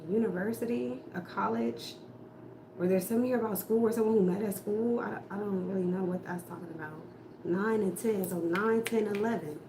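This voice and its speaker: Speaking a little fast in a mid-range voice, this tarot reader rants about the cards during a casual reading. She's profane and blunt, firing rhetorical questions. The recording has an echoey room and faint noise.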